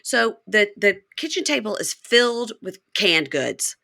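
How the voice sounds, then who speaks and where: Bright-voiced woman recapping reality tv. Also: mid-range voice, sing-song, creaky, no echo, clean studio sound. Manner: chatty recapper, acting out the cast's lines in quick voices. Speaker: podcast host recapping a reality show. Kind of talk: casual chat.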